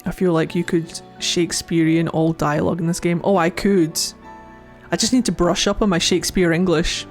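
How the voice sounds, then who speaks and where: A playful woman streamer chats her way through a game. She reads its text aloud and jokes about it, giggles often and keeps dropping in filler words. Faint game music plays softly behind her. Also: on the low side, steady tone, moderate pace. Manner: playful and giggly, with frequent laughs; chatty, with many filler likes. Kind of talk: casual let's-play commentary, reading game text aloud.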